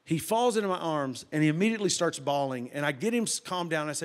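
A middle-aged man preaching a sermon as a folksy, animated storyteller who drops to a hush for quoted voices. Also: a little high, fast, few pauses. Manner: folksy, animated, with loud sound effects and hushed quoted voices. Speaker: pastor.

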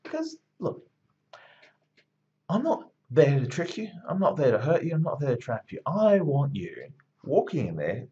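A man's voice: fairly high pitch, big pitch swings, moderate pace, mellow. Rousing male lecturer, lo-fi recording. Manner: rousing, emphatic, repetitive pep talk. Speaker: university marketing lecturer.

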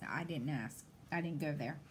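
A woman with a somewhat low voice talks casually, like a mother catching up friends while she stitches. She rambles and circles back, peppering her story with "I said" and "you know". A faint hiss sits under her voice. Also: normal speed.

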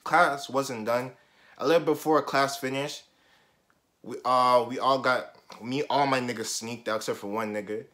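This young man, medium-pitched and moderately paced, casually vlogs about something that happened back in school. He's animated, swears and uses plenty of slang, and alternates between loud bursts and muttered asides.

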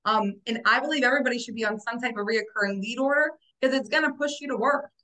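A woman's voice: fairly high pitch, quick pace, sharp tone, low-quality recording. A woman hosting an agency video call, coaching listeners in an upbeat way and often tagging "right?" onto her points. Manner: upbeat, coaching, keeps asking "right?" and addressing "guys". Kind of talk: motivational interview chat.

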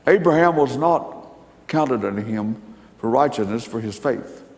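A man's voice: medium pitch, lively intonation, measured pace, darkish tone. An older man preaching, telling stories in a folksy, emphatic way. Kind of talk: sermon storytelling. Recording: long hall reverb.

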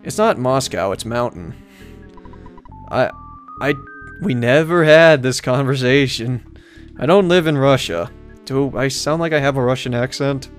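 A man's voice: mid-range voice, a little slow, long pauses, soft background music. A man giving casual, joking live commentary while streaming a game, rambling and swearing now and then. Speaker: let's-play streamer.

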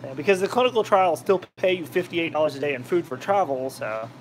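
A cooking vlogger hosts a video from his home kitchen, chatting casually, reading viewer comments, and rambling off topic as he cooks. His voice is fairly high-pitched, animated, and brisk, with a little hiss or hum in the recording.

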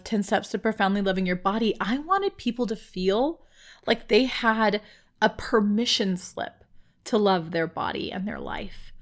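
A woman hosting a podcast, talking to listeners in a casual, chatty and informal way. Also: a little high. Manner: chatty and informal, with frequent "like" and laughs. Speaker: podcast host.

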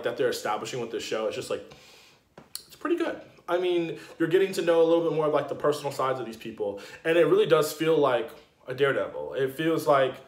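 A man giving a casual video review, ranting in an animated, indignant way with slang and lots of fillers. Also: mid-range voice, reverberant. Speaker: TV episode reviewer.

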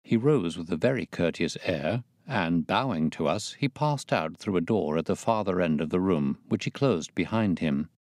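A man narrating a classic detective story in a measured, even reading manner. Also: deep voice, no echo, studio quality. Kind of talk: audiobook narration.

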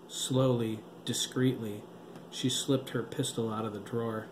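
A man narrating a novel aloud at a steady, even pace. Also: mid-range voice, measured pace. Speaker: audiobook narrator. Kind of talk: novel reading. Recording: roomy with background noise.

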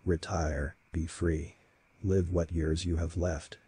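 Guy doing a scared old curator, thick shaky voice, real low and flat. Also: slow, slightly rough, full character voice. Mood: pleading. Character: stout older male museum curator, frightened.

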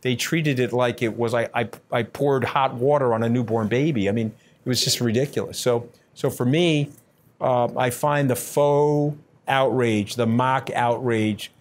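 A brash man gives blunt, combative answers in an interview. His voice sits at an everyday middle pitch and he talks in uneven bursts, full of fillers and restarts. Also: a little slow. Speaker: interview guest.

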